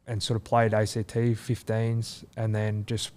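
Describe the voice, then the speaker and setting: Low-voiced Australian man, rambling chat. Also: monotone, a little slow, darkish tone. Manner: rambling, many fillers and restarts. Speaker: guest, rugby league player. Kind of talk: casual chat.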